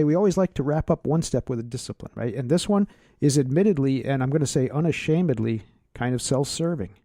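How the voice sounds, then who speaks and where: Male solo podcast host, emphatic and earnest, dark warm tone with some fry. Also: mid-range voice, no room sound, clean studio sound. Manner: earnest, emphatic, drawn-out stresses.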